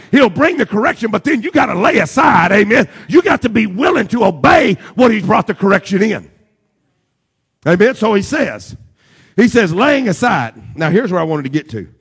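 A male pastor preaching a sermon, building through shouted repeated lines and then dropping to a quieter, conversational tone. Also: high-pitched, creaky, husky. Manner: preaching with rising shouted repetition.

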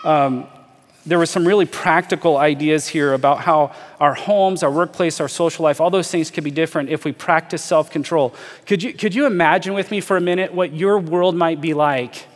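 A man preaching a sermon as a pastor, talking earnestly, inviting listeners to imagine with him and slowing down to stress key phrases. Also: sits high, long reverb tail.

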